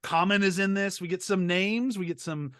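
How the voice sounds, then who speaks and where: A man's voice: sits high, fairly even intonation, normal speed, fairly bright tone. A man in his thirties hosting a casual podcast chat, joking and rambling, laughing often. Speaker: podcast host.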